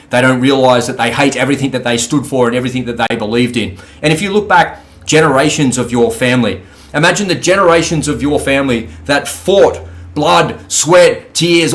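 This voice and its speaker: A man's voice: medium pitch, fairly bright tone. An Australian man, a podcast guest, ranting angrily with heavy swearing. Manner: furious, profane, ranting. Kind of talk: angry podcast rant.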